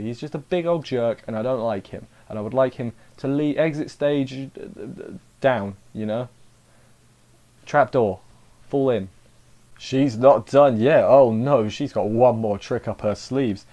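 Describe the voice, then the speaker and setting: Rambling man reviewing anime, mellow voice. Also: medium pitch. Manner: rambling, chatty, acts out characters' lines.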